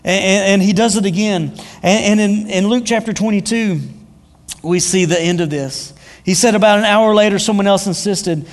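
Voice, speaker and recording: Male preacher, casual storytelling sermon, many fillers, high voice, long hall echo. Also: moderate pace.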